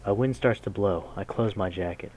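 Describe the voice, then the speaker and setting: A man reading a game's story text aloud in a measured way, breaking in with casual, slangy jokes as a gaming host. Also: lowish voice, darkish tone, slight background noise, low-quality recording. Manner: measured narration broken by casual slangy comments. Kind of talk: reading game text aloud with jokey asides.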